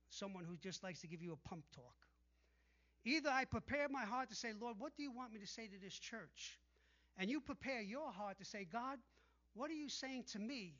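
A man's voice: very high voice, fairly bright tone, dull audio. A male pastor preaching a sermon emphatically, calling out for amens from the congregation. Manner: emphatic preaching with call-and-response.

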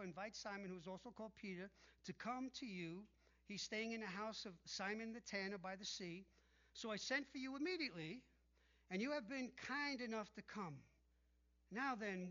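A man's voice: sits high, a bit bright, highs cut off. A male pastor preaching a sermon emphatically, calling out for amens from the congregation. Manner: emphatic preaching with call-and-response.

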